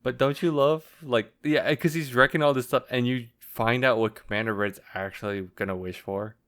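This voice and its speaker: Young male podcast co-host, mid-pitched, easygoing, chatty. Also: moderate pace. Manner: relaxed, filler-heavy, quotes his own reactions. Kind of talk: casual chat.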